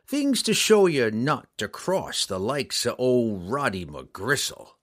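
A man voicing a brutish, menacing rough man in an audiobook, drawling slowly in coarse backwoods speech. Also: mid-range voice, wildly swooping pitch, full character voice. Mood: leering. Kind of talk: audiobook character voice.

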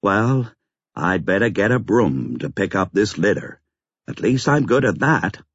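A man voicing a calm, earnest and stiffly formal man in an audiobook, measured and precise, on a slightly dull lo-fi recording. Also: lowish voice, slightly rough, no room sound, full character voice. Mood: exasperated. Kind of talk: audiobook character voice.

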